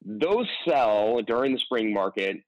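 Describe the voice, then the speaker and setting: A man's voice: lowish voice, animated, unhurried, no echo, highs cut off. A man who invests in real estate, giving confident, chatty advice in an interview with many fillers. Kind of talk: podcast interview answer.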